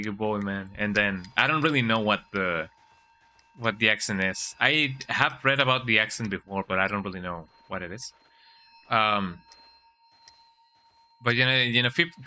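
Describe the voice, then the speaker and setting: A man's voice: fairly low pitch, lively intonation, normal speed, sharp tone. A man, streaming a horror game and rambling through crude jokes as he thinks aloud. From Mexico. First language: Spanish. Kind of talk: live game commentary.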